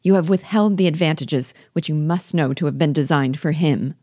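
A spirited, indignant young woman speaks with force, voiced by a woman reading aloud. Her voice is low and warm, and the recording is close and dry. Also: moderate pace, no room sound.

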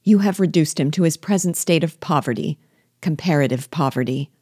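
A woman reading the lines of a spirited, sharp-tongued young woman in a forceful, accusing manner. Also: low voice, fairly quick, slightly rough, no echo, clean studio sound. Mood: indignant.

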